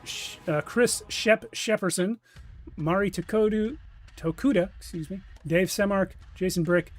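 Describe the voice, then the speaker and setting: A man's voice: sits high, measured pace, soft background music. A man narrating a tabletop game as game master, with loose, rambling delivery.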